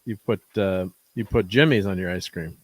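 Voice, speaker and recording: A man's voice: low-pitched, normal speed, no echo. A middle-aged American man co-hosting a podcast, telling rambling stories with frequent chuckles. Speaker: podcast co-host. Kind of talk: casual podcast chat.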